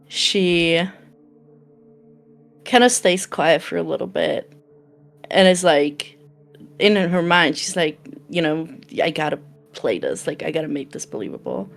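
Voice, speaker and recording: A woman's voice: on the low side, gravelly. A woman playing a tabletop role-playing game, describing her character's actions hesitantly as she thinks aloud. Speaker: player.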